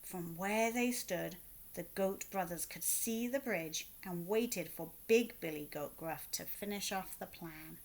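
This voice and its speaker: A woman reading a picture book aloud to children, expressive, with asides to her young listeners. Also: fairly low pitch. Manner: slow, expressive read-aloud with asides to kids. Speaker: children's story reader.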